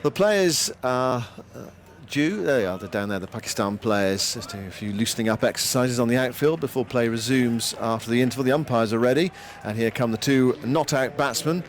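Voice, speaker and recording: A man's voice: mid-range voice, brisk, hardly any pauses. A man commentating live on cricket for radio, chatting casually with a co-commentator and now and then tripping over names. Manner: relaxed, conversational, occasional slips.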